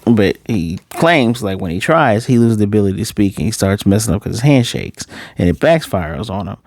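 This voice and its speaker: A man's voice: on the low side, expressive, a little fast, darkish tone, dry recording, studio quality. A man casually reviewing an anime episode, loose and rambling, with a few curse words. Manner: loose, rambling, profane, lots of fillers.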